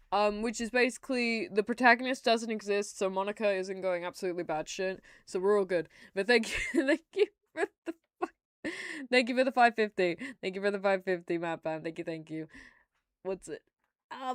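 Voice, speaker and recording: A woman's voice: mid-range voice, smooth, no echo, studio quality. A young woman from the UK streaming a game, chatting and giggling as she rambles and reads the on-screen text. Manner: giggly, rambling, chatty with frequent laughs and restarts. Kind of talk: casual live-stream chat and game text reading.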